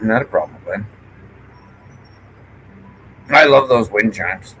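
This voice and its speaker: A man's voice: fairly low pitch, animated, slow pace, pushed and bright, a little hiss or hum, low-quality recording. A middle-aged man with a Newfoundland accent, chatting casually and swearing freely. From Newfoundland, Canada. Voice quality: gravelly, swears a lot. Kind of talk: casual chat.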